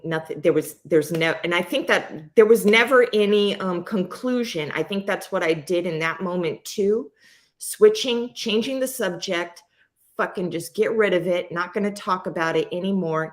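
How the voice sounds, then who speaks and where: Woman host, low-pitched, casual live chat, candid, rambling, swears a lot.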